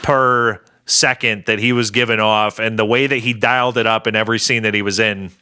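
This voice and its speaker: Bright, clear-voiced male podcast host. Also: on the low side, steady tone, brisk. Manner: organized, runs the segments, laughs easily. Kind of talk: casual podcast chat.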